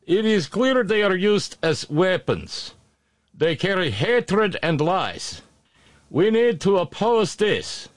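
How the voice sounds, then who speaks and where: A blustering male Russian official, delivered in a deliberately clumsy mock Russian accent, as a man puts him on. The voice sits high and slow, every sentence declaimed with outrage. The recording is dry and close. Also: sing-song, no echo, exaggerated voice. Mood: indignant.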